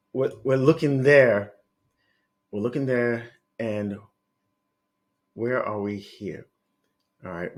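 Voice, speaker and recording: A man trading forex, thinking aloud as he marks up charts on screen, correcting himself and muttering as he works. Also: low voice. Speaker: forex trader analyzing charts. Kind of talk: live screen-share market analysis.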